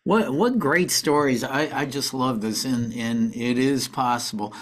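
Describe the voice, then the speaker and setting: A man hosting an interview podcast, asking his guest about her book in a halting, warm way. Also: medium pitch. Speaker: podcast host. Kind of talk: interview questions.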